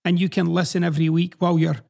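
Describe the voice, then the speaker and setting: A man's voice: fairly high pitch, flat delivery, fast talker, creaky, mellow. A male podcast host with a Scottish accent tinged with American Southern, giving blunt, profane advice. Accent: Scottish mixed with American Southern.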